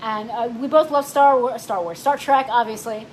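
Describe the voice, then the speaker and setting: A playful woman co-hosts a casual chat and jumps in with lively stories. Her voice sits high. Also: moderate pace, slight background noise, low-quality recording. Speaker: co-host.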